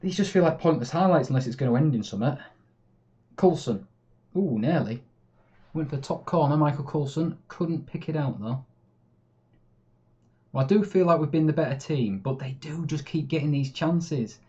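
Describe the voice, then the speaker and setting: A man's voice: on the high side, normal speed, pauses often, lo-fi sound. A man commentating live on his own game, chatty and easily frustrated. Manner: chatty, swings between calm and exasperated. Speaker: gaming YouTuber.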